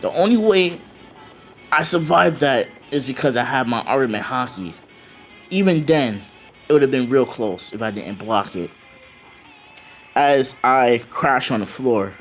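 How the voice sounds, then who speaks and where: A man improvising a casual fan-fiction story in first person, loose and excited, swearing and acting out the dialogue with lots of fillers. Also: medium pitch, unhurried, long pauses, faint music behind.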